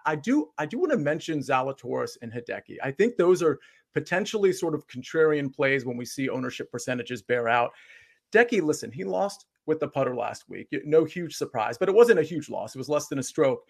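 A man talking in a casual podcast, giving measured, hedged analysis with fillers. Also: on the high side, lively intonation, creaky. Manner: measured, hedging, uses filler like "I mean". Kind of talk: casual sports podcast chat.

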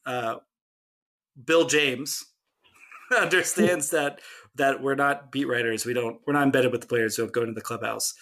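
Bright-voiced joking podcast host, man. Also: fairly high pitch. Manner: joking, quick asides and laughs. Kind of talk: casual chat.

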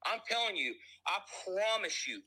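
A man's voice: high voice, sing-song, moderate pace, noisy background. A man calling in with a profane, aggressive rant, repeating threats and mocking taunts. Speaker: caller. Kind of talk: hostile phone rant.

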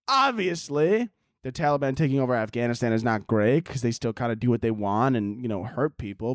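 A man's voice: medium pitch, expressive, normal speed, a bit bright, no echo, clean studio sound. A man hosting a comedy podcast, talking in a crude, sarcastic monologue and laughing at his own jokes. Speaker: podcast host.

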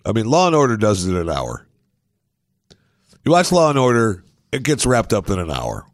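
A man's voice: fairly low pitch, sing-song, a little fast, no room sound, studio quality. A man hosting a talk show, giving opinionated political commentary with indignant, sarcastic asides.

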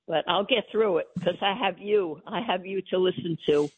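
A woman's voice: on the low side, normal speed, breathy edge. An older woman, calling in as the host's mother, talking in an effusive, emotional and pleading way. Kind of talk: phone-in chat. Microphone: phone. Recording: tinny phone line.

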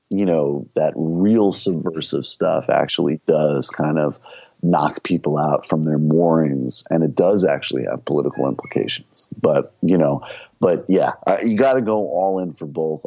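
A man's voice: rumbling low, a little mellow, no room sound, highs cut off. A man being interviewed on a podcast, talking in rambling bursts with many restarts and laughing at his own jokes. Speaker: comedian and political show host, guest.

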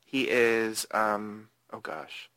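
A man's voice: on the low side, steady tone, drawn-out words, creaky, sharp tone, dry recording. A man hosting a casual podcast about a movie, who recaps the plot loosely, with hesitations and frequent laughter. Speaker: podcast host. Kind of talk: casual movie-discussion chat.

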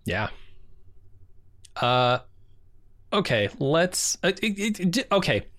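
A man's voice: fairly high pitch, sing-song, slow pace, fairly bright tone, no echo. A man co-hosting a podcast, talking in a casual, wry, chatty way. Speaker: podcast co-host. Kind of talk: casual chat.

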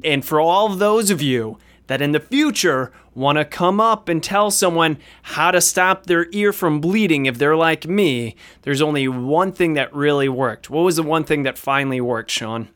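A man hosting a podcast in casual, joking chat. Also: fairly high pitch. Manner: animated, joking, quick asides. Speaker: podcast host.

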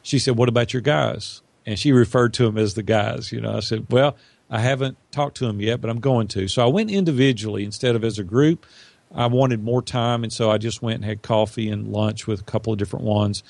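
A middle-aged man with a gravelly, creaky edge to his voice tells a personal story as a podcast guest. He talks earnestly and animates the quotes of others. The sound is close and dry. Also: medium pitch, steady tone, a little fast, a little mellow, dry recording. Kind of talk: storytelling in an interview.

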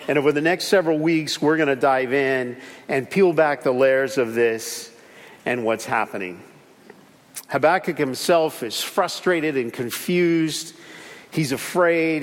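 Pastor, male, high-pitched, animated sermon delivery with repeated refrains, long hall reverb. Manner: animated, repeats key phrases, acts out little stories.

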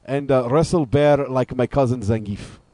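Male co-host, mid-pitched voice, wisecracking, dry sound. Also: normal speed, warm tone, dry recording. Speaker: radio show co-host. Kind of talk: casual call-in radio talk.

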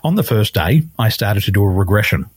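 Man, life coach guest, storytelling, lively pitch, husky, dry close sound. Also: brisk, dry recording. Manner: animated storyteller acting out quoted voices. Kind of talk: podcast interview storytelling.

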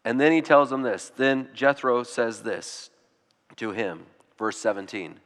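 A man's voice: medium pitch, a little slow, a bit bright, big-room sound. A male pastor giving a sermon, conversational, acting out short quotes, with children of his own. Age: adult with children. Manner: conversational preaching with acted-out quotes.

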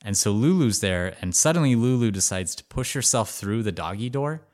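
A man co-hosting a podcast, telling a story in a casual, animated way with lots of "like" fillers. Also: on the low side, a little fast. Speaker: podcast co-host.

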